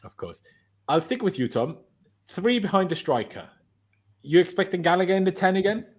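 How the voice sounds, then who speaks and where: A man's voice: sits high, sing-song, normal speed. A man hosting a casual football chat on a live stream, opinionated and talking through his reasoning aloud. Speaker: host.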